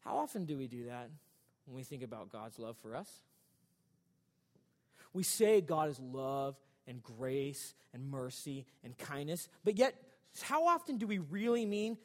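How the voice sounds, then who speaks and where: A man's voice: medium pitch, lively intonation, unhurried, big-room sound. A male pastor preaching a sermon in a church sanctuary, in a casual, joking, conversational way.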